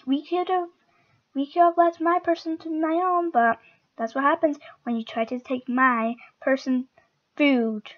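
A playful woman chats her way through a game, talking back to the other players and her viewers. Her voice sits fairly high, and the lo-fi recording sounds dull and muffled. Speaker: gamer. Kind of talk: casual gameplay commentary.

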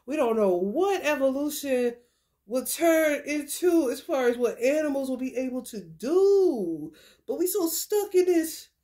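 A high-pitched woman speaking with in a loose, chatty spiritual talk. She laughs often and swings from low murmurs to bright bursts. It sounds like a tarot reader talking straight to her viewers. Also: expressive, a little slow. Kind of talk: casual spiritual monologue.

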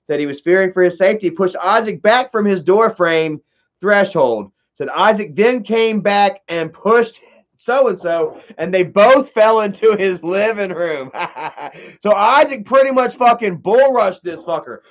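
A young man hosts a loose, profane commentary in a rambling, excitable way. His voice sits high for a man. The recording is dull and lo-fi. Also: a little slow. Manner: rambling, heavy swearing, excitable. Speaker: commentary host.

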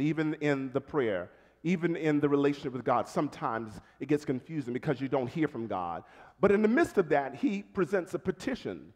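A man with an American accent preaching a sermon as pastor, calling out to his congregation. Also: a little high. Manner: animated preaching, calls to congregation. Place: church sanctuary. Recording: long church reverb.

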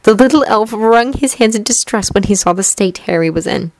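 A woman reading fanfiction aloud as an audiobook, in steady, measured storytelling. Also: mid-range voice, no room sound, rough recording. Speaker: fanfiction reader. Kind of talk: audiobook narration.

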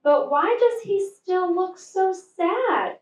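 A woman voicing a gentle, caring young creature who pleads softly, in a storybook read-aloud. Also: very high-pitched, expressive, takes it slowly, voice pushed up, exaggerated voice. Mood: earnest. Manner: soft, pleading. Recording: echoey room from far off.

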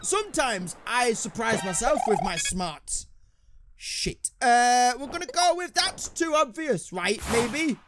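A man's voice: very high voice, very animated, slow pace, background noise. A man with a British accent doing sarcastic let's play commentary, swearing and muttering to himself. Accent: British English. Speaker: gaming YouTuber. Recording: game music behind.

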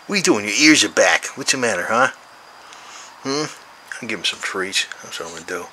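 A man in his sixties, a vlogger and cat owner, rambles casually and curses freely as he coaxes his cat outdoors. His low, sharp-toned voice is animated at a moderate pace, and the low-quality recording carries a little hiss or hum.

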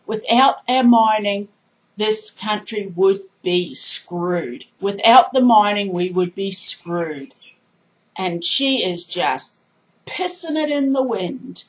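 A woman's voice: medium pitch, animated, slow pace, low-quality recording. A woman vlogging a heated political rant, indignant and emphatic, hammering her points by repeating them. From Australia.

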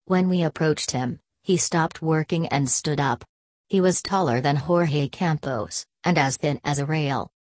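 A woman reading a story aloud as an audiobook narrator, in an even, unhurried way. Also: low-pitched, no room sound.

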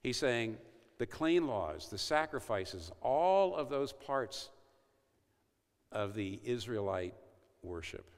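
A man's voice: sits low, smooth. Earnest male speaker in a reverberant hall. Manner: earnest storytelling, acting out quoted lines. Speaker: speaker at a university event. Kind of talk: evangelistic talk.

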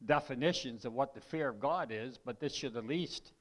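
A man preaching a sermon as pastor, his voice tired and weakening, who clears his throat, reads scripture aloud and repeats lines for emphasis. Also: mid-range voice, normal speed, fairly bright tone. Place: church.

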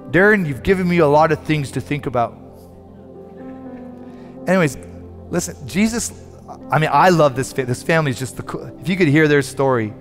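A male pastor delivering a sermon, earnest and often stumbling over repeated words as he gathers momentum. His voice is fairly high for a man. It rings out with long hall reverb, and faint music plays underneath. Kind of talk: sermon storytelling.

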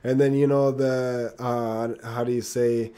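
A man teaching an online lesson on plants in a casual, halting way, with many fillers, restarts and laughs. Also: mid-range voice, little pitch movement, warm tone, clear, resonant tone. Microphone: computer mic.

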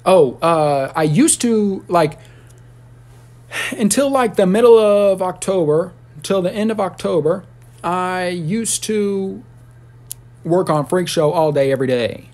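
A man's voice: high voice, animated, slow pace, darkish tone. Rambling, profane man ranting on a livestream. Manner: rambling, profane, with sudden squealing outbursts. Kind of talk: casual livestream rant.

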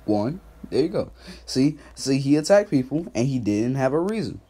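A young man doing profane, mocking trash-talk commentary on a stream, laughing and calling people out in a put-on higher voice. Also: big pitch swings, moderate pace. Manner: mocking, laughing, loud call-outs; put-on higher voice instead of his deep one. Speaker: YouTube commentator.

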